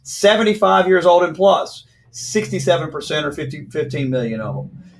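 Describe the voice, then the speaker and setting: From South Carolina, a man hosts a casual news commentary video, ranting in a brisk, opinionated way. His voice runs on the high side with a sing-song lilt.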